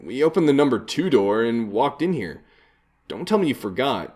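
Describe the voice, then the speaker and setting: A man's voice: medium pitch, big pitch swings, moderate pace, darkish tone. Casual man reading a game aloud. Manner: casual, chuckling asides between read lines. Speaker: let's play host.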